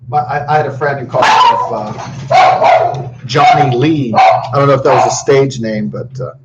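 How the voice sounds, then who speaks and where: A man's voice: medium pitch, heavy background noise. Young guy rambling on, lots of um and uh, kinda far from the mic in an echoey room. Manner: rambling, halting, lots of fillers and restarts. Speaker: vlogger. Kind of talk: rambling casual monologue. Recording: roomy, muffled, from a distance.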